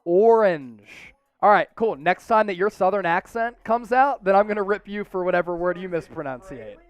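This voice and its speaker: High-voiced Philly man hosting a live stream. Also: a little fast, no room sound. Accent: Philadelphia. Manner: excitable, hypes viewer donations with loud outbursts. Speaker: sports show host. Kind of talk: casual live-stream chat.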